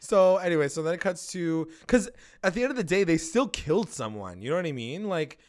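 A man's voice: fairly high pitch, sing-song, a little fast. A man co-hosting a casual TV recap chat, swearing freely and acting out characters' lines. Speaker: podcast co-host.

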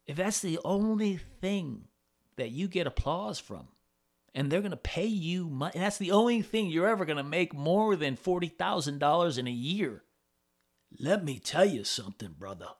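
A man's voice: high voice, lively intonation, moderate pace. A man hosting a podcast, talking in a rambling, profane casual monologue with many restarts. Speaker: podcast host.

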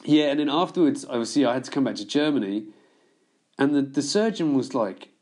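A man guesting on a podcast, chatting loosely and telling stories. He swears often and laughs at his own tales. His voice sits in an ordinary middle pitch. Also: expressive, fairly quick, darkish tone. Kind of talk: casual storytelling chat.

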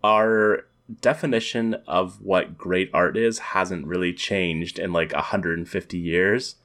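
A man co-hosting a podcast, talking casually in halting phrases with many fillers. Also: low-pitched, fairly even intonation, fairly bright tone. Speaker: podcast co-host. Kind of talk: casual chat about comics.

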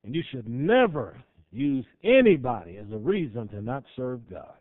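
A man preaching a sermon as pastor, rising to loud emphatic peaks and dropping to soft, drawn-out lines. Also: medium pitch, big pitch swings, no echo. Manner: swells loud then drops soft, dramatic pauses. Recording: tinny phone-like sound.

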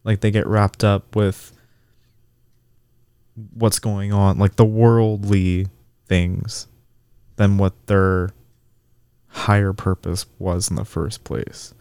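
A man co-hosting a casual podcast, talking in a relaxed, reflective way and laughing easily. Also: on the low side, slow pace, pauses often, clear, resonant tone, no room sound. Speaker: podcast co-host.

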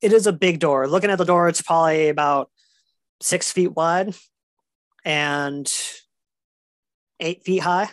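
Woman game master, low-pitched, easygoing narration with fillers. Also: a little slow, long pauses, dry recording. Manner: relaxed, hesitant with fillers.

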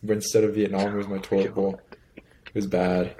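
Joking young man, low voice. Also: level tone, warm tone, slight background noise. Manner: joking, fast-talking bursts. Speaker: podcast co-host. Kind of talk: casual chat.

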